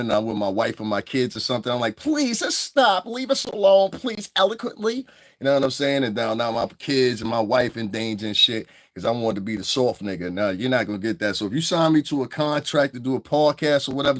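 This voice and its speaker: Man, Northeastern US accent, livestream rant, swears and laughs, lively pitch swings, dry close sound. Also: no echo. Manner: profane, laughing, mocks voices. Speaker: online commentator.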